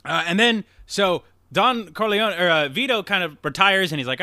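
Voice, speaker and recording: Podcast host, male, lively and rambling, cusses freely, bright tone, dry close mic. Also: high voice, normal speed, dry recording. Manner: rambling, profane, laughs at himself, acts out quotes. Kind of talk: casual movie recap chat.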